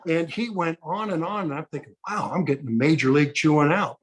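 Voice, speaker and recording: A retired baseball pitcher in his sixties tells anecdotes as a guest, lively and acting out the people he quotes. His voice is fairly high and slightly rough, and he talks fast.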